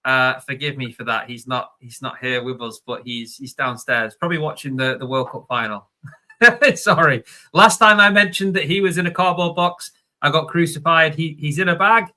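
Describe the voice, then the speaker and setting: A man's voice: fairly high pitch, normal speed, pushed and bright. A man hosting a live stream, chatting and reading out viewer questions. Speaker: host.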